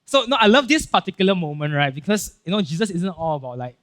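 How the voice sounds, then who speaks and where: Man, Singaporean English accent, high voice, animated casual sermon, lots of "right?" and "okay?". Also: fast talker. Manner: animated, acts out Bible scenes with voices; casual filler-heavy talk with frequent "right?" and "okay?". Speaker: pastor.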